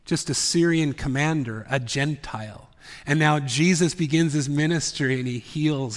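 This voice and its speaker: A man preaching a sermon, swinging from full voice down to hushed whispers. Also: on the high side, normal speed, long reverb tail. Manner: dramatic, drops often to a whisper. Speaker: pastor. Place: church sanctuary.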